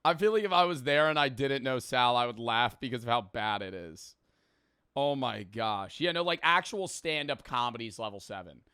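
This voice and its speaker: A young man casually reacting to a comedy video, rambling, animated and swearing freely. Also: medium pitch, normal speed, clear, resonant tone, no echo, studio quality.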